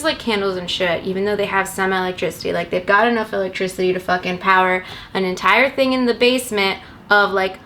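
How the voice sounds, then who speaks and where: A woman's voice: mid-range voice, pushed and bright. A young woman recapping a movie in a rambling, sarcastic comedy style, swearing constantly. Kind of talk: profane comedic plot recap.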